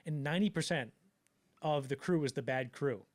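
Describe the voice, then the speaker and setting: A man casually telling a wild story on a podcast, acting out the people in it with loud bursts and lots of fillers. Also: on the high side. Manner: animated storyteller, acts out quotes with loud bursts; fast, loose, lots of fillers. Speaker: podcast co-host.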